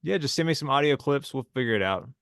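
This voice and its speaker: Male podcast host, relaxed, casual swearing, dry video-call sound. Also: mid-range voice, fast talker, vocal fry, smooth, no room sound. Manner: laid-back, swears casually. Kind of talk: casual chat.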